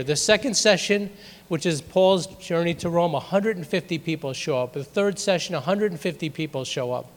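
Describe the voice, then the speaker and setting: A man shares a story from the pulpit and acts out each conversation as he tells it. His voice sits a little high for a man, and a long reverb trails every line through the sanctuary. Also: moderate pace. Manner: animated storyteller, acts out dialogue. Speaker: guest speaker at church. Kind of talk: sermon storytelling.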